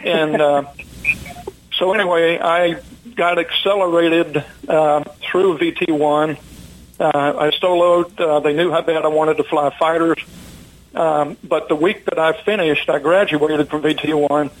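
An older man, a retired pilot, telling long stories in a relaxed, rambling way with many fillers, as an interview guest. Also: a little high, measured pace, poor audio. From United States. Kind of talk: casual storytelling interview.

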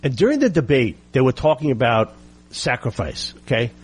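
A middle-aged American political commentator delivers an indignant opinion monologue packed with rhetorical questions and emphatic repetition. His mid-range voice swings widely in pitch at a normal speed, with slight background noise.

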